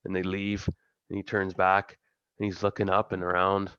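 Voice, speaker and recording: Male GM, low voice, easygoing narration, dry lo-fi audio. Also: completely flat delivery, normal speed, fairly bright tone, clear, resonant tone, dry recording. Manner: casual, rambling, with fillers. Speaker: game master. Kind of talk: narrating a tabletop game.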